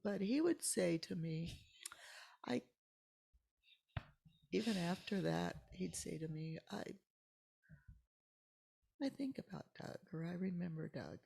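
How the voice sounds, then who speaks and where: An older woman with a heavily gravelly, husky voice tells a personal story as a podcast guest. She speaks haltingly and with feeling, her voice sinking now and then to a near-whisper. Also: fairly low pitch, warm tone. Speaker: church member guest.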